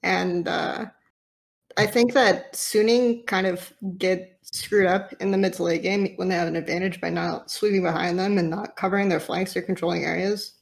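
A woman analyst in a casual panel discussion, talking through game strategy quickly with frequent restarts. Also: lowish voice, steady tone, vocal fry. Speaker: esports analyst.

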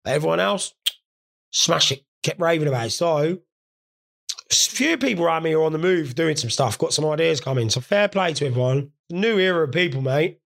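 A man's voice: a little high, expressive, brisk, creaky, fairly bright tone. A man in his thirties with a British accent, telling rambling, sweary comic stories about his day in laddish banter. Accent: British English. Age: 30s. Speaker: vlogger.

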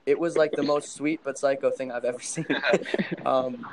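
A man's voice: mid-range voice, steady tone, moderate pace, a crowd in the background, low-quality recording. Laughing young man telling a story. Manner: rambling, laughs while telling, many fillers. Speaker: podcast guest. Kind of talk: casual storytelling.

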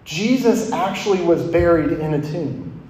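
A man's voice: on the high side, animated, a little slow, a little mellow. A man in his thirties preaching a sermon to college students, earnest and questioning, his voice rising and falling. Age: 30s. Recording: echoey hall with long reverb.

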